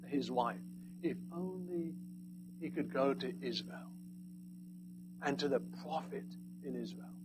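A man preaching a sermon, swinging between loud emphatic lines and hushed, quiet asides. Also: mid-range voice, slow, pauses often, very noisy.

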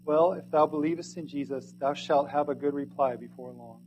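A man's voice: fairly high pitch, moderate pace, lo-fi sound, a little hiss or hum. Earnest man reading an old sermon. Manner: earnest, pleading, swings from loud to hushed. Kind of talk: sermon read aloud in archaic English.

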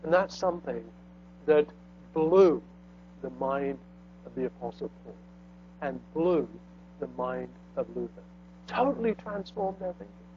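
A man preaching a sermon, swinging between loud emphatic lines and hushed low phrases. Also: measured pace, long pauses. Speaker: pastor. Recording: dull lo-fi sound with faint mains hum.

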